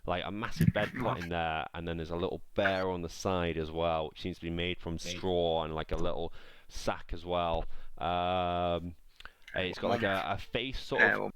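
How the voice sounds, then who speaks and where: A man's voice: low-pitched, steady tone, moderate pace, a bit bright, clear, resonant tone, no echo, poor audio. A man narrating a tabletop game as game master, describing scenes in a rambling way with many fillers.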